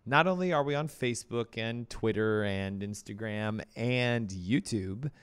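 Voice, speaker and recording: A man hosting a casual health talk show, hoarse from laryngitis, energetic and chatty. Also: on the low side, unhurried. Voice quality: coughing, strained voice. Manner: energetic, chatty, breaks into playful quoted voices. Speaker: radio show host.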